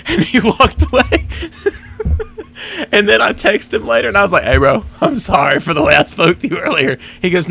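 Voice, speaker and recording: Speaking at normal speed in a high-pitched, creaky voice, a young podcast co-host chats casually about something that happened at work. His storytelling is animated, full of free swearing and impressions of what others said.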